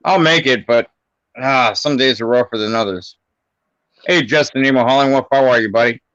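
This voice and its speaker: A man's voice: medium pitch, normal speed, fairly bright tone, no echo. A man with a cough and congestion, talking in a matter-of-fact, clipped way in a casual podcast chat. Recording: dry lo-fi audio.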